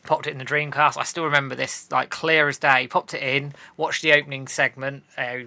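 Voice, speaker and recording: A man's voice: mid-range voice, little pitch movement, brisk, vocal fry, sharp tone, no room sound. A man, a podcast guest, telling a story in a casual chat and acting out his own past reactions.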